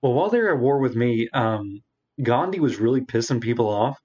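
Speaking a little fast, a male gaming podcast co-host with a mid-range, darkish, slightly rough voice and lively intonation rambles through a long game story. He acts out the characters' quoted lines, and the sound quality is dull and lo-fi.

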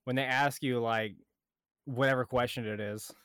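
A man co-hosting a podcast, bantering casually and laughing a lot at his own dark jokes. His voice sits at an ordinary pitch, and the sound is dry and close. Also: steady tone, normal speed, smooth, no echo. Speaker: podcast co-host. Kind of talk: casual chat.

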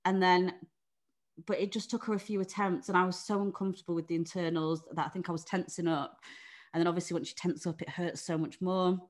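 A woman's voice: fairly low pitch, flat delivery, brisk. A young English woman telling a personal story in a frank, chatty way, with lots of "like" and "you know" and some swearing. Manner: candid, frank, chatty, with swearing and many fillers. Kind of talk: casual conversation.

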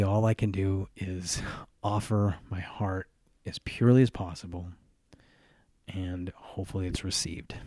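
A man's voice: fairly low pitch, warm tone, no room sound, clean studio sound. A man hosting a podcast, talking earnestly and reflectively on his own, often restarting phrases and adding "right?" asides. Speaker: podcast host. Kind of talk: reflective solo podcast monologue.

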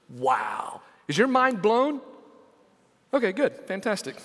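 A man pastor preaching a sermon, telling stories and acting out quotes with lively emphasis. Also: high voice. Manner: animated storytelling with acted quotes. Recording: reverberant church hall.

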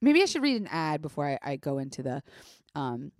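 Profane, animated woman telling a story. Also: low-pitched, a little fast, no room sound, studio quality. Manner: candid and profane, lots of "like"; animated, acts out her own panic. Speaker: podcast host. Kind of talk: casual comedic storytelling.

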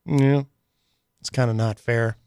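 A man's voice: medium pitch, fairly even intonation, a little slow, warm tone, smooth, dry recording, clean studio sound. A man hosting a radio show in casual chat, teasing his co-host in a playful, mock-dramatic way. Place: radio studio.

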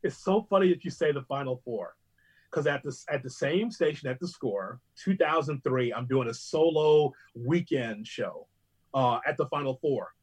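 A man who hosts sports radio, telling stories in a casual chat with another host, animated and quick to mimic other broadcasters. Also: medium pitch, slightly rough, low-quality recording.

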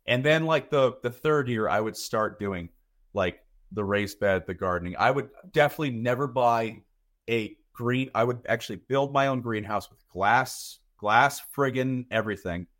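A man's voice: mid-range voice, normal speed, a bit bright. A man in his thirties, a podcast guest talking casually and rambling, often repeating words as he thinks. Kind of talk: casual chat.

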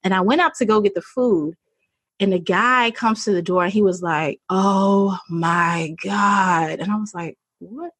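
A woman's voice: mid-range voice, brisk, fairly bright tone, slightly rough, dry recording. A woman guest candidly telling a personal story, chatty, laughing often and acting out what people said. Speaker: podcast guest.

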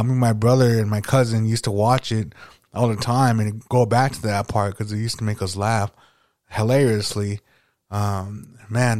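A podcast host with a mid-range, slightly mellow voice chats casually and nostalgically, rambling with plenty of fillers and swearing. The recording is studio quality with no room sound.

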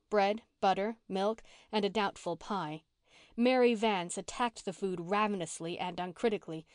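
In this scripted audiobook narration of a classic novel, a woman keeps a steady, measured storytelling manner. Her pitch is medium, with clean studio sound and no room sound.

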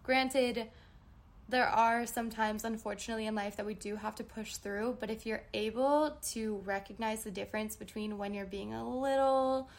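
A woman's voice: on the high side, fairly even intonation, normal speed. Chatty young woman answering listener questions. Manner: chatty and candid, trails off and self-corrects. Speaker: podcast host. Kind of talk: casual solo podcast answering listener questions. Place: New York.

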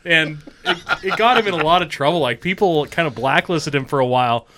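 A man in casual chat, blunt and animated, often laughing as he tells a story. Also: on the high side, fairly quick, background noise. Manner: animated, blunt, laughs while telling stories.

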